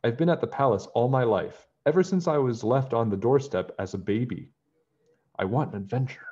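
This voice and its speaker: A man's voice: medium pitch, a little fast, warm tone, husky, highs cut off, close to an everyday voice. A man voicing an eager, brave young palace maid girl, read aloud from a storybook. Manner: eager, plucky.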